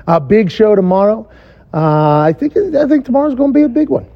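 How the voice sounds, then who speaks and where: A man in his thirties hosting a casual sports podcast, animated and ranting, swearing freely. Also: high voice, fairly quick, highs cut off. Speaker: podcast host.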